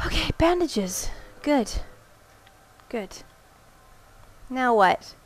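A woman's voice: sits high, animated, very slow, slight background noise. A woman giving let's play commentary as she plays, reacting aloud, exclaiming and muttering to herself. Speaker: gamer.

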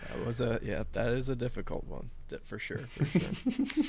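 A man hosting a casual podcast interview, chatty and quick to laugh. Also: medium pitch, animated, gravelly, a little mellow, a little hiss or hum. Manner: friendly, laughs often, asks playful questions. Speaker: podcast host.

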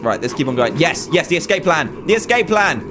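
A young man gives animated gameplay commentary, his voice sitting a touch high and swinging widely up and down. He shifts between chatty asides and yelps of mock panic, with faint music playing underneath. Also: brisk. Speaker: gaming YouTuber.

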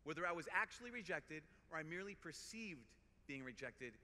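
Bright-voiced Minnesotan priest in a hall. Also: male voice, on the high side, expressive. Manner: earnest and conversational, quick restarts and repeated words. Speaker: priest giving a conference talk. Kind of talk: personal storytelling to a live audience. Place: large conference hall. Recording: reverberant hall, faint background noise.

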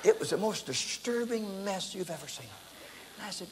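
A man, an evangelist preacher, telling a testimony in a sermon as an animated storyteller who acts out voices and shouts. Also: high voice, a little fast, big-room sound, noisy background. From United States.

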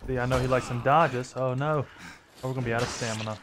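A man's voice: medium pitch, fairly even intonation, fast, noisy background. A man giving casual gameplay commentary as a streamer, joking and teasing his opponents. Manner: playful, teasing trash talk.

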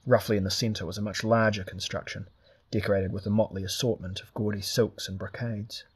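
A man reading a fantasy novel aloud as steady, scripted narration. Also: fairly low pitch, fairly quick, husky. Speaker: audiobook reader.

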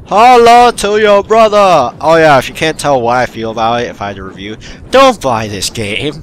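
A man's voice: mid-range voice, very animated, fairly quick, fairly bright tone. A man giving uncut gameplay commentary, ranting and grumbling at the game he is playing. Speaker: gaming channel host.

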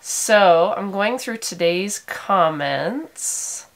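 A woman's voice: mid-range voice, lively intonation, extremely slow, creaky. A tired woman, a sheep farmer, chatting emotionally in a casual vlog as she reads out viewer comments. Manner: emotional, warm and chatty with frequent laughs.

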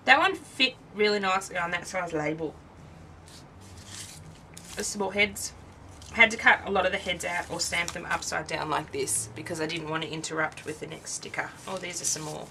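A woman's voice: lowish voice, moderate pace, gravelly, bright, forceful tone, recorded from a distance, a little hiss or hum, poor audio. A tired Australian woman chatting casually as she shows off her craft work, rambling and cutting herself off mid-sentence. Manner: chatty, rambling, self-interrupting. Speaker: craft channel host. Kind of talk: casual show-and-tell craft video.

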